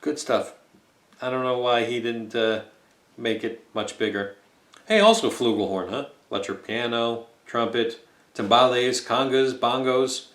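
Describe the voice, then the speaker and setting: An American man chats loosely about his vinyl finds in an easygoing, meandering way, often stopping on "uh" between thoughts. His voice sits at an ordinary middle pitch and carries a noticeable echo from the room around him. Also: a little slow. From United States. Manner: rambling and relaxed, with frequent fillers. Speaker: vinyl record collector. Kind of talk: casual record-collecting vlog. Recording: echoey room.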